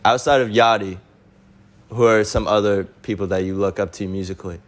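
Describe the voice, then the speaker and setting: Low-voiced man asking curious questions. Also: steady tone. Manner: curious, asks quick follow-up questions. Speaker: podcast host. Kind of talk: casual interview chat.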